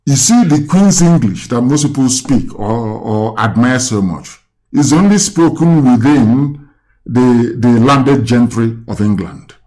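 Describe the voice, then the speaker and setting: A man's voice: mid-range voice, lively intonation, measured pace, dark tone. A man with a Nigerian accent hosting a live call-in talk, lecturing and asking the caller rhetorical questions. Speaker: host.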